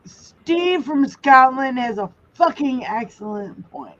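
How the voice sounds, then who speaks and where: A woman's voice: high voice, expressive, slow pace, fairly bright tone, highs cut off. A woman hosting a casual livestream, ranting angrily with heavy swearing while reading viewer comments. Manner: angry, heavy swearing rant.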